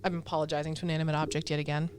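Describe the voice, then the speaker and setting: A woman's voice: low voice, little pitch movement, very fast, a little mellow, a little hiss or hum. A woman co-hosting a casual podcast, chatty, reading from her notes with frequent ums and laughs. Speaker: podcast co-host. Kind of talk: casual chat.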